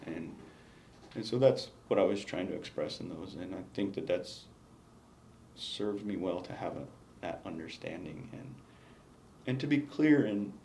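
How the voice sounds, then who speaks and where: A man's voice: low voice, creaky, a little mellow, roomy sound, slight background noise. A man, a retiring battalion chief, reflecting in an exit interview, emphatic and given to restarts. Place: indoor meeting room.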